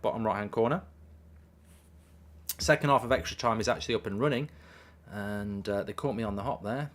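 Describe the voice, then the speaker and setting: A man casually chatting on a live stream, reading out viewer messages with plenty of ums. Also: mid-range voice. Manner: chatty, reads chat messages aloud, frequent ums. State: hiccups. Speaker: watchalong streamer.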